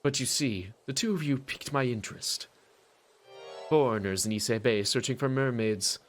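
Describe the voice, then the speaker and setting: A man putting on a tired young event planner who speaks with weary courtesy. The voice drops low and drags a little. Faint music plays underneath. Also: moderate pace, natural voice. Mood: weary polite.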